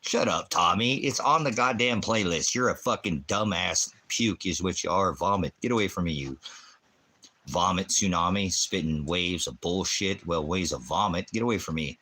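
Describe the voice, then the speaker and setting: Low-voiced, profane livestream preacher man. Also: moderate pace, pushed and bright. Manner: profane, insulting, mocking; jumps between jokes and scripture talk. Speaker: livestream ministry host. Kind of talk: livestream rant answering chat.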